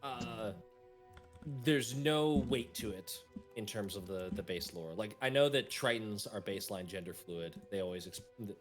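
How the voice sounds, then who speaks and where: A man's voice: lowish voice, a little slow, faint music behind. A man running a tabletop game as game master, narrating and then chatting casually with players, laughing often. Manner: laughs often, animated when excited.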